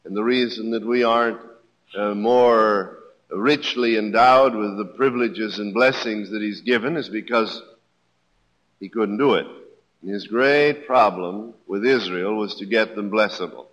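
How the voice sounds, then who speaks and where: A man's voice: lowish voice, a little slow, fairly bright tone. A man preaching a sermon in a plain teaching tone. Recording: dull recording in a reverberant hall.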